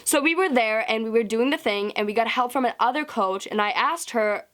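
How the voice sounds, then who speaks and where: A woman's voice: fairly high pitch, fairly quick, fairly bright tone. A woman telling a storytime vlog in a casual, chatty way, swearing freely. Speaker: vlogger.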